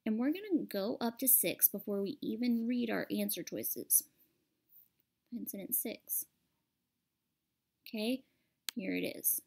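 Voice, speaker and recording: A teacher walks her pupils through a lesson with patient, step-by-step explanations. Her voice is a woman's, with a gravelly edge and a pitch that sits in the middle. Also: darkish tone, slight background noise. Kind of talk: classroom lesson over a screen recording.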